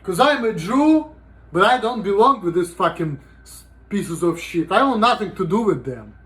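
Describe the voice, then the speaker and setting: A man's voice: high voice, animated, moderate pace, fairly bright tone. A man talking casually in a rambling, profane vlog monologue, with "you know" in almost every sentence. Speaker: vlogger.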